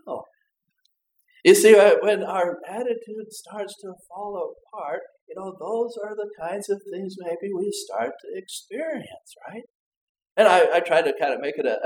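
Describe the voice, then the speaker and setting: A male pastor preaching a sermon in a loose, conversational way, often repeating words and asking rhetorical tag questions. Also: on the high side. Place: church. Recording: echoey church room.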